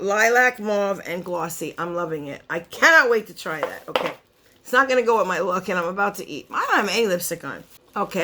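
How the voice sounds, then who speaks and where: A woman in her forties chatting casually through a beauty box unboxing, excitable and chatty, often gasping and wandering into asides. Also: on the high side. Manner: chatty and excitable, gasps and laughs, trails off into asides. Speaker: beauty vlogger.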